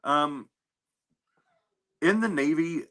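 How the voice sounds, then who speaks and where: A man in an interview, telling stories about his navy service in a relaxed, anecdotal way with fillers and restarts. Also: a little high, very slow. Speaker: navy veteran guest. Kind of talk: casual interview storytelling.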